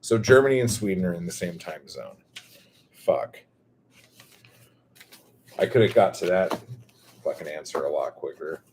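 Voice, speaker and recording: A man with a Californian accent chatting casually on a livestream, drawing his words out slowly, swearing freely and rambling as he reads chat aloud. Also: low-pitched, expressive, darkish tone, a little hiss or hum. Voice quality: slow, drawn-out surfer-dude drawl.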